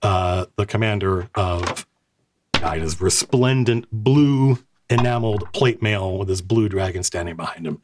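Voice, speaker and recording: A man acting as game master, narrating a tabletop game with animated, self-correcting storytelling. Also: deep voice, a little slow, a little hiss or hum.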